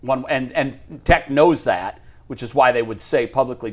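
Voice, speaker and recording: A man's voice: mid-range voice, moderate pace, darkish tone. A man co-hosting a casual sports talk show, giving firm opinions and laughing at his own points. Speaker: sports radio co-host.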